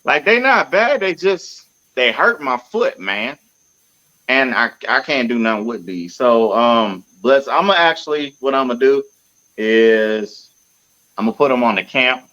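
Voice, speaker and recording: A man co-hosting a podcast in casual chat, ranting loosely in slang and spelling words out slowly. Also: mid-range voice, lively intonation, sharp tone, muffled recording. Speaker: podcast co-host.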